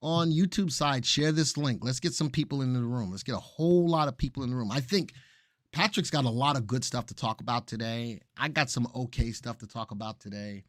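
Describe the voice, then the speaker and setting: A man's voice: medium pitch, brisk, dry recording, studio quality. A man co-hosting a live market show, chatting casually and reading viewer comments aloud. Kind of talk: casual live-stream chat.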